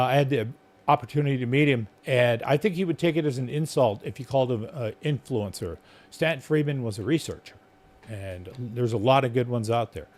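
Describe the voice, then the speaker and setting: Hoarse man rambling on a live stream. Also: mid-range voice, a little mellow. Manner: rambling, filler-heavy talk. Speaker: podcast host. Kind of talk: casual live-stream chat. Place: outdoors at night.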